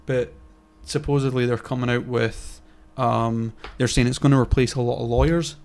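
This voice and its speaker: A man's voice: mid-range voice, steady tone, normal speed, a little mellow. A man co-hosting a casual podcast chat, rambling with lots of fillers and restarts. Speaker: podcast co-host.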